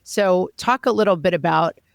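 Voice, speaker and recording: A woman co-hosting a podcast interview, measured as she sets up a question for her guest. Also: lowish voice, gravelly, dry recording, studio quality. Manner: measured, reads a passage then asks a question. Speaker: podcast co-host.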